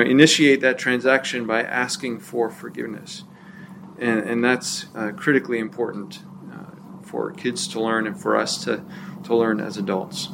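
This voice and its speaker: A man teaching a church class in a relaxed, conversational way, with frequent fillers and restarts. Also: medium pitch, gravelly, noisy background. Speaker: pastor or teacher.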